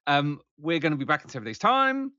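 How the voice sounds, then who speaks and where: A man's voice: fairly high pitch, sing-song, brisk, bright, forceful tone, dry recording. Male podcast co-host, rambling and hesitant, dry slightly dull recording. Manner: rambling, hesitant, lots of fillers and restarts. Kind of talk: casual podcast chat.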